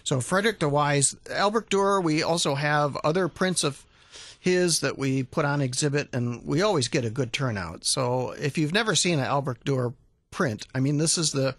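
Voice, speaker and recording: A man, a museum director, talking as a guest in a radio studio interview, halting with many fillers and restarts. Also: a little high, a bit bright, dry recording. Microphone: studio microphone.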